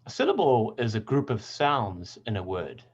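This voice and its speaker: Male pronunciation teacher, low voice that swings widely in pitch, careful and clear, slightly dull recording. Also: sing-song. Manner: clear, deliberate teaching with stressed example words. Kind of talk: scripted lesson.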